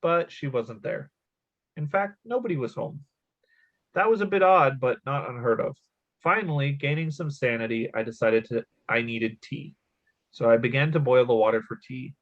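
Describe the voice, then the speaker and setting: Casting: man, thirties, podcast host, mid-pitched, casual storyteller, slightly dull lo-fi sound. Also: normal speed. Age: 30s. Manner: laughs often, swears casually. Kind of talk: casual podcast chat, reading a story aloud.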